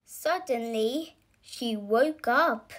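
A woman reading a children's picture book aloud, slow and expressive, lifting into little voices for the characters. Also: fairly high pitch. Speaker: storybook reader.

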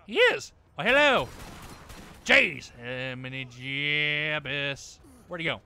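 Foul-mouthed man yelling over gameplay. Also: fairly high pitch, animated, unhurried. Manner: profane, bursts into yelling at enemies. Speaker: gameplay streamer. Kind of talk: let's-play commentary.

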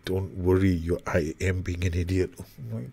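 A low, gravelly-voiced man talks through a football management game as he plays it. He is loud and exasperated about his side. His voice has a rough creak, and he swings from muttering to outbursts. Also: moderate pace. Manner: animated, exasperated, groans at his own team. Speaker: gaming YouTuber. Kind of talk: game commentary.

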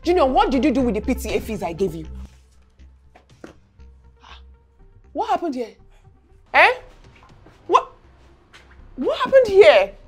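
A woman's voice: sits high, sing-song, normal speed, soft background music. An actress with a Nigerian accent playing a stern middle-aged mother who scolds her son with insistent, repeated questions. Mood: worried. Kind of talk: film drama acting.

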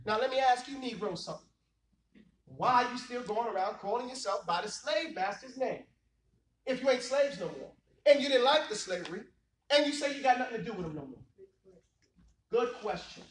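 High-voiced man lecturing a class. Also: expressive, brisk, long pauses. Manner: emphatic, preachy, keeps asking the class rhetorical questions. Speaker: Islamic teacher. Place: classroom, indoors. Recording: echoey room from far off, faint noise.

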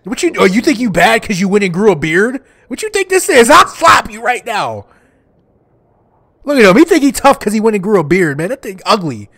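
A man with a high voice that leaps all over the place, trash-talking the game as he plays. He is loud and hyped, and he talks in a slangy, joking way. His running commentary keeps reacting to whatever happens on screen. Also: very animated, brisk. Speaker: gaming YouTuber. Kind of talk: playing and commenting on a wrestling video game.

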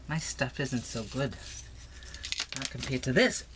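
A woman chatting excitedly through a crafting unboxing, gushing and laughing often in her home craft room. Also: mid-range voice, moderate pace. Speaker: crafting vlogger. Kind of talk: casual unboxing chat. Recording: noisy home recording.

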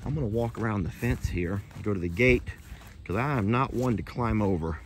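A man, a ranch vlogger chatting folksily to the camera outdoors in a hot pasture, sometimes hushing and sometimes cooing at his animals. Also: fairly low pitch, moderate pace, a little hiss or hum. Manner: chatty and folksy, shifts between loud and hushed, coos at animals. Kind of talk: casual vlog talk to camera.

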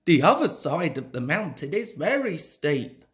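Guy reading as a bragging old storybook steam engine, slow and swoopy. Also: a little high, very animated. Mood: boastful. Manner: boastful. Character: old boastful male steam engine, fearless and proud.

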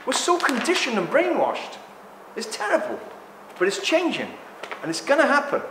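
Excitable man ranting in an echoey hall. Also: extremely high pitch, moderate pace, a little hiss or hum. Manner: excitable, ranting, acts out quoted voices. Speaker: speaker at a talk. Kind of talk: impassioned public talk to a live audience. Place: indoor talk venue. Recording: echoey hall with faint ambience.

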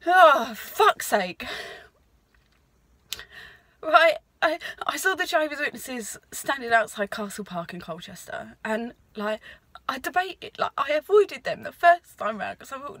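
A young woman recording an emotional video diary, halting and tearful as she talks herself through a hard moment. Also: sits high, expressive, bright, forceful tone, no echo. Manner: tearful, halting self-talk. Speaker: vlogger.

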